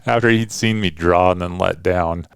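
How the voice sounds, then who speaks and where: A middle-aged man hosting a podcast, telling a hunting story in a relaxed, rambling, casual way. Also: sits low, normal speed, vocal fry, clear, resonant tone, no room sound, studio quality. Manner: relaxed storytelling, loose and rambling with frequent "kinda" and "like". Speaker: podcast host and hunting dad.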